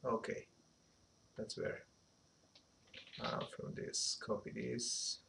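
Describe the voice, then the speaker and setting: Slow, gravelly man thinking aloud. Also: lowish voice, pushed and bright, slight background noise. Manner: unhurried, thinking aloud, hesitant. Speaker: animation instructor. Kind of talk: screen-recorded software tutorial.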